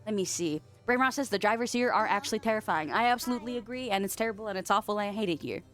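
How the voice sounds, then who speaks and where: A young woman streamer chatting casually with her viewers, playful and giggly, swearing freely and yelping in a squeaky voice. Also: rapid-fire, fairly bright tone, soft background music. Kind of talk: casual chat reading viewer messages. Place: home office.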